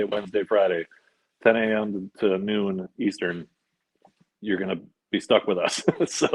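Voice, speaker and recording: Niski, suchy głos współprowadzącego mężczyzny. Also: male voice, low voice, a little mellow, slightly rough, dry recording, poor audio. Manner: halting, many fillers and restarts. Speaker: co-host. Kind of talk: casual livestream chat.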